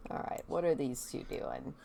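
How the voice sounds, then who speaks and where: A woman's voice: normal speed, mellow, a little hiss or hum. A woman giving casual let's-play commentary as she plays a life-simulation game, chatty and curious, often amused. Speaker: gaming video host.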